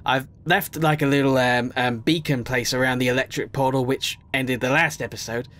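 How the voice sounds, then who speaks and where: Rambling, self-mocking gamer. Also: male voice, mid-range voice, fairly even intonation, normal speed, a bit bright. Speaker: gaming YouTuber. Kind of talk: casual gameplay commentary.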